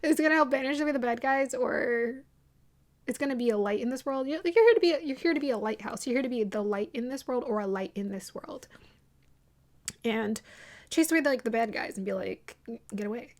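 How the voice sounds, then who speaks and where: A woman with a slightly high voice talks casually through a tarot reading. She rambles loosely, restarts her sentences and laughs at her own sense of drama. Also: a little fast. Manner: restarts sentences often, many fillers. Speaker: tarot reader.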